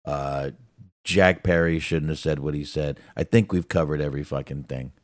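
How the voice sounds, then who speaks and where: Male podcast co-host, very deep, dry close sound, blunt, profane. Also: normal speed, dry recording. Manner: blunt, swears a lot, laughs often. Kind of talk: profane wrestling podcast chat.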